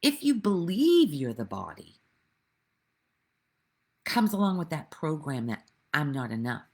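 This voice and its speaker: A woman with a very deep, husky voice gives a slow spiritual talk outdoors. She rambles earnestly, and her pitch swings widely into sudden animated bursts. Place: outdoors with birds nearby.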